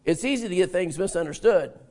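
A man's voice: high-pitched, lively intonation, fairly quick, a little mellow. An older man preaching a sermon, drawing answers from his congregation, repeating them back and telling homey stories with a laugh. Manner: folksy storytelling with laughs. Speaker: pastor.

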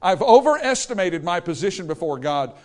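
A man preaching a sermon, swinging from hushed asides to loud peaks and acting out the people in his story. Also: high voice, big pitch swings, brisk. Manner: acts out quoted people in character voices. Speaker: pastor.

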